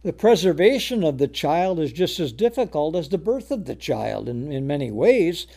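Male preacher, high voice, mellow tone, reads scripture then explains, restarts and repeats, loud emphasis on key words. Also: sing-song, moderate pace, vocal fry. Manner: reads scripture aloud in old-fashioned wording, then explains in plain speech. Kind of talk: sermon with scripture reading.

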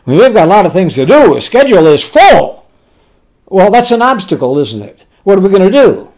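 A preacher delivering a sermon in a very lively, rising-and-falling voice. He throws out rhetorical questions and answers them himself. On tender words he slows down and goes soft and quiet. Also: high-pitched.

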